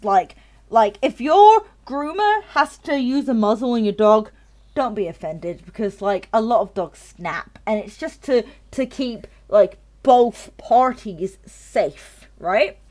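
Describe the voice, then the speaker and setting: Animated, tipsy woman ranting on stream. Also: a little high. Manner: rambling and profane, repeats herself. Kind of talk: casual chat on a live game stream.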